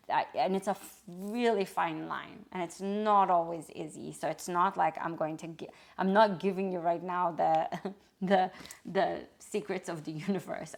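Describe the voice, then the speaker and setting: Gentle, soft-spoken woman. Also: lowish voice, gravelly. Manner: gentle, halting, searching for words with many restarts; speaks tenderly and openly about feelings. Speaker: wellness video host. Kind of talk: reflective self-help talk to camera.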